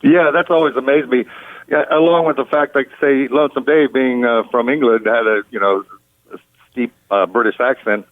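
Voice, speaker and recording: A man's voice: mid-range voice, normal speed, dry recording. A man who tours as a rock guitarist, talking casually with lots of fillers in an interview, and rambling as he goes. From Pittsburgh, United States. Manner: rambling, relaxed, many fillers. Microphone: phone. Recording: tinny dry phone line.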